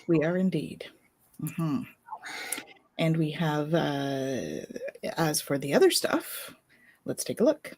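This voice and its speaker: A woman's voice: sits low, sing-song, slow pace, pauses often, darkish tone, a little hiss or hum. A woman co-hosting a live spirituality stream, chatting casually and giggling easily as she rambles. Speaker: co-host of a spirituality live show.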